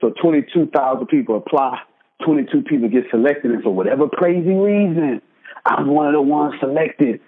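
On a tinny phone line, a man in his thirties with a Texan accent and a slightly high, husky voice talks fairly quickly. Delivering an animated personal testimony about his own life, he's emphatic and keeps asking "right?" and saying "check this out" to hold his listeners.

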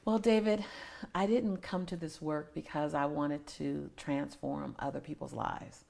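A woman's voice: sits low, steady tone, unhurried, creaky, dark tone. A woman in her forties, a motivational speaker telling a personal story as an interview guest, earnest and emotional, sometimes dropping to a near-whisper.

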